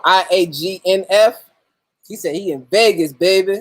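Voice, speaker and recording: A man's voice: high-pitched, moderate pace, no room sound. A man hosting a livestream in casual, profane chat, greeting viewers by name as they join. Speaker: livestream host.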